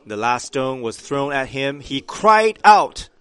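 Slow, emphatic male preacher. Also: mid-range voice, very animated, clear, resonant tone, no echo. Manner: slow, emphatic preaching that swells to loud cries. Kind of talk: sermon.

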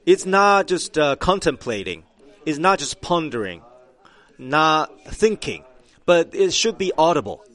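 Slow, emphatic male preacher. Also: a little high, sing-song. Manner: slow, emphatic preaching that swells to loud cries. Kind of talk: sermon.

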